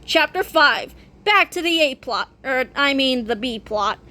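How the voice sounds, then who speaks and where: A woman's voice: sits high, expressive, unhurried, pushed and bright. A woman reading a comic book aloud in a playful way, switching voices for the characters.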